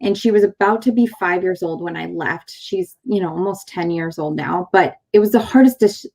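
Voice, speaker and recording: Hosting her show, a San Diego, California chiropractor in her thirties recounts a personal story casually in a lowish, gravelly, slightly mellow voice at a moderate pace. She acts out the exchanges animatedly and often restarts or uses fillers.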